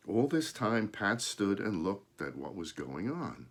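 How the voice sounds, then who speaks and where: Animated man reading a children's book. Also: on the low side. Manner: animated, pauses to point at pictures. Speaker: storybook reader.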